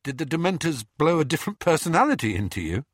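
A man's voice: fairly high pitch, very animated, fast talker, husky, dry recording, studio quality, pitched above the performer's own voice. A man reading as a wry teenage boy.

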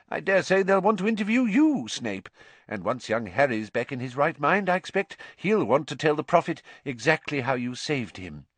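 A man's voice: mid-range voice, no echo, pitched above the performer's own voice. A man voicing a pompous middle-aged male official who sounds smug and self-satisfied.

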